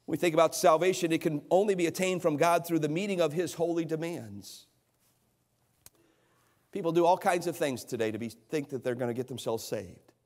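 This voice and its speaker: Male pastor, high voice, earnest sermon delivery with frequent restarts, recorded in a church sanctuary with a long reverb tail. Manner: earnest preaching with repeated words and restarts.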